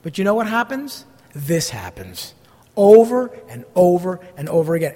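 A middle-aged man pastors his congregation with an earnest, blunt, emphatic delivery. His voice sits noticeably high for a man. The sermon rings through a big hall with a long, trailing reverb. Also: very animated, moderate pace, warm tone.

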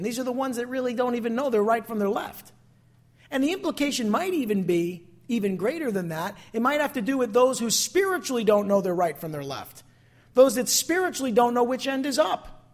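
A man preaching a sermon, asking the congregation pointed rhetorical questions and acting out quotes with feeling. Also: very high voice.

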